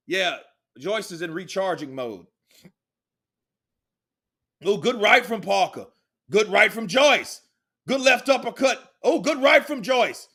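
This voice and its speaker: A man giving casual, excitable live play-by-play commentary on a boxing match, calling punches rapidly and swearing freely. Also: high-pitched, slightly rough.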